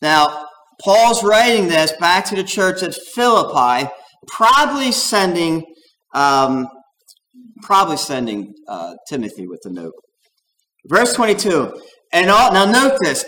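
Animated preacher with a lively voice. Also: male voice, on the high side, poor audio. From United States. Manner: animated, acts out quoted voices, digressive. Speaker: pastor. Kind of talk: sermon.

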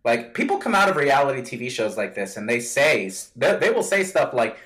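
A man's voice: mid-range voice, very animated, fairly quick, a bit bright. A man co-hosting a podcast in casual chat, rambling, hedging and interrupting himself mid-thought. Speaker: podcast co-host.

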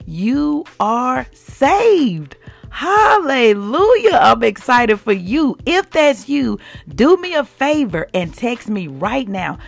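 A woman's voice: medium pitch, gravelly. A woman hosting a Christian devotional podcast, exuberant and laughing as she calls out to her listeners.

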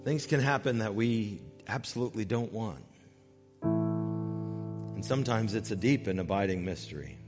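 A man preaching a sermon as pastor, earnest, rising loud on key points and dropping soft and slow when moved. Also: on the low side, animated. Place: church sanctuary. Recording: long hall reverb with faint music.

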